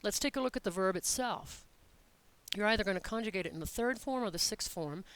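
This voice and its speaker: A Spanish teacher explaining grammar step by step in a recorded lesson, patient and methodical, reading example sentences slowly and clearly. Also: medium pitch, fairly bright tone, rough recording.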